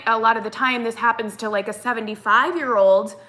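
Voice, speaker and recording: Bright-voiced young woman telling a story. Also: on the high side, fairly quick. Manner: animated retelling, acts out quotes, fillers like "like". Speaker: vlogger. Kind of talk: casual storytime chat.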